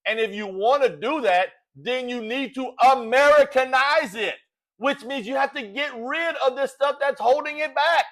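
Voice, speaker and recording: High-voiced folksy Cajun man ranting. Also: normal speed. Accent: Cajun Louisiana. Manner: folksy, animated, rhetorical, says "all right?" often. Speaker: sports talk host. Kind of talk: opinionated sports talk rant.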